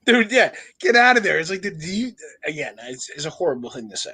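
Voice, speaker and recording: A man's voice: sits high, big pitch swings, brisk, bright, forceful tone, breathy edge. A young adult man co-hosting a podcast, telling crude, profane stories in casual banter and laughing often. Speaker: podcast co-host.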